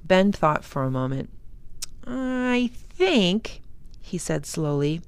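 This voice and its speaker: A woman reading a story aloud to children in a soft, unhurried storytelling voice. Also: sits low, no echo. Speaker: library storytime reader.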